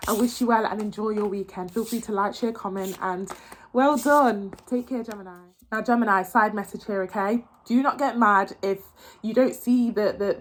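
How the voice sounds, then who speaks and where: A young adult woman giving a casual tarot reading, talking in an emotional, encouraging way with frequent restarts and repeated phrases. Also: medium pitch. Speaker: tarot reader.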